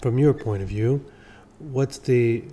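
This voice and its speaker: Male interviewer, very mellow dark voice, hesitant questions. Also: medium pitch, takes it slowly. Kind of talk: casual conversation.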